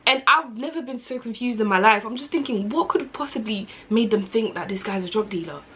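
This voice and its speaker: A woman's voice: a little high, expressive, brisk, a bit bright. A young adult woman, talking earnestly and passionately in a rambling personal vlog monologue.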